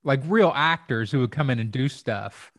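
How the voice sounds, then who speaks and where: A man's voice: mid-range voice, normal speed, no echo, clean studio sound. Rambling man from Kentucky. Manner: rambling, relaxed, many fillers. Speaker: comedy writer and stand-up comic, guest. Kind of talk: casual storytelling chat.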